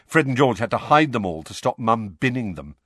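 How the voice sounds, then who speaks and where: A man's voice: medium pitch, big pitch swings, brisk, fairly bright tone, slightly rough, no room sound, studio quality. A man voicing an easygoing, awkward teenage boy with a blunt, rambling way of talking. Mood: sheepish.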